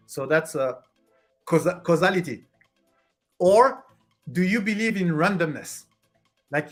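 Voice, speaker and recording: A host chatting casually with viewers on a livestream, halting and restarting while hunting for the right English word. The voice sits at a middling pitch, with soft music faintly underneath. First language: French. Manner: hesitant, searches for English words, restarts a lot.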